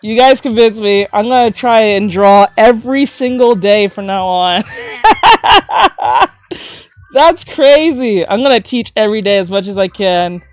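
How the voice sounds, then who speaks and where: Woman chatting while she draws on stream, gets loud and excited, thanks everyone a lot, faint music playing. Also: a little high, unhurried. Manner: bursts into excited shouts, gushing thanks. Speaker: art streamer and drawing teacher. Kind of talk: casual livestream chat while drawing.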